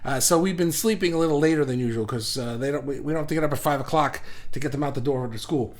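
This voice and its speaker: A middle-aged man hosting a casual livestream, reading out viewer comments in an energetic, animated way, often restarting his sentences. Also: mid-range voice, fast talker. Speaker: livestream host.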